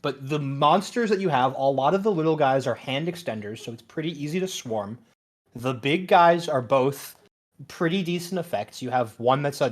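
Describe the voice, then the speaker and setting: A young man with a mid-pitched voice talks on a gaming podcast, eager and opinionated. He explains cards at length in a relaxed, conversational way. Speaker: podcast co-host. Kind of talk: casual card-game chat.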